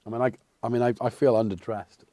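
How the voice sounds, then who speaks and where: A man's voice: mid-range voice, steady tone, quick pace, mellow, a little hiss or hum. Chatty English man hosting a livestream. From England. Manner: rambling, chatty, reads out and answers chat, self-mocking. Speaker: livestream host. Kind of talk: casual livestream chat.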